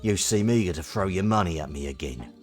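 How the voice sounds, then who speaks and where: A man's voice: low voice, expressive, a little fast, darkish tone, faint music behind. A man voicing a swaggering male card-cheat host in a put-on Cockney accent, with a drawling, inviting delivery in a video game. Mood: smug.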